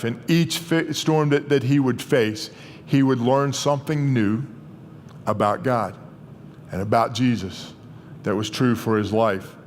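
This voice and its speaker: A man's voice: medium pitch, long reverb tail, slight background noise. A man preaching a sermon as pastor in a church, reflective and prone to restarts and repeated words.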